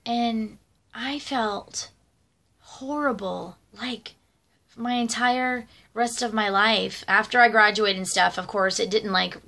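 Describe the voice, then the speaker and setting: A woman's voice: a little high, takes it slowly, gravelly, bright, forceful tone. A middle-aged woman vlogger telling personal stories in a rambling, conversational way with lots of fillers and asides. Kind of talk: casual personal storytelling.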